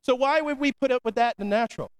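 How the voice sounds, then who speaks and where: A man's voice: extremely high pitch, fast, smooth. A man preaching a sermon as pastor, conversational and slangy, punctuating lines with "come on" and "amen.". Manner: preachy call-and-response, repeating "come on".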